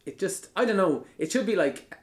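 A man's voice: high voice, lively intonation, normal speed. An Irish man hosting a podcast in casual chat, joking and swearing freely. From Ireland. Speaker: podcast host.

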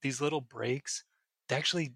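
A man's voice: medium pitch, moderate pace, vocal fry, pushed and bright, slightly rough, no room sound. A man, a psychiatrist guest on a podcast, earnestly explaining ideas with everyday examples. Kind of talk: casual podcast advice.

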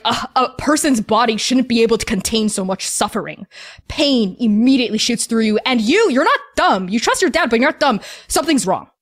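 A woman narrating as game master in a tabletop game, casual and full of "like"s. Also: fairly high pitch. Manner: casual, filler-heavy narration with many "like"s.

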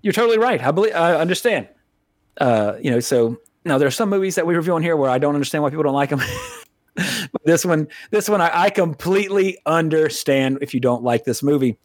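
A man with a somewhat higher voice than most men rambles through a casual film review chat. He swears a lot and keeps cutting himself off. The sound is close and dry, with no room around it. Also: expressive, brisk, no room sound. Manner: rambling, profane, self-interrupting. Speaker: podcast co-host reviewing films.

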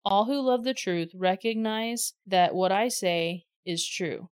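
A woman reads a calm, certain teacher speaking of his kingdom. The delivery is measured and even, in a mid-range voice. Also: medium pitch, clean tone, no echo, studio quality, lightly acted. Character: calm teacher, grown man, steady and certain. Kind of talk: scripture reading.

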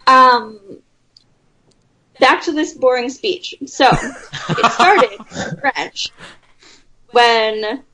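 A woman's voice: fairly high pitch, very slow, pauses often, bright, forceful tone, poor audio. A young woman from Canada, co-hosting a casual chat in a rambling, chatty way and laughing often. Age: young adult.

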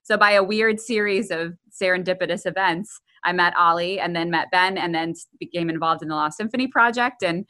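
A woman in her thirties co-hosting a casual podcast with a bright, clear tone. Her pitch sits a little low for a woman. She talks in an easygoing, amused way. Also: brisk, few pauses. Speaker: podcast co-host, violinist. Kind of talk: casual chat.

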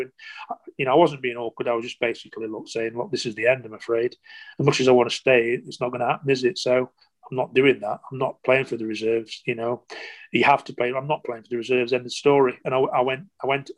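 Older male, ex-footballer guest; chatty, halting storyteller, acts out old conversations. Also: medium pitch. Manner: rambling anecdotes with many restarts and quoted dialogue. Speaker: former footballer. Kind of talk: interview storytelling.

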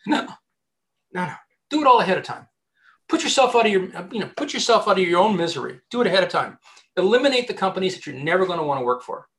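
A man, a headhunter, giving job-hunting advice in a casual interview, talking in an animated way with many restarts. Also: sits high, fast talker. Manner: animated, chatty, many restarts and repeated words.

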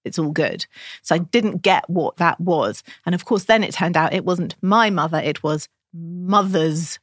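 A woman's voice: fairly low pitch, unhurried, no echo, clean studio sound. A woman who works as a doula, chatting casually on a podcast and telling a story, acting out what others said to her. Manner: animated storyteller quoting others.

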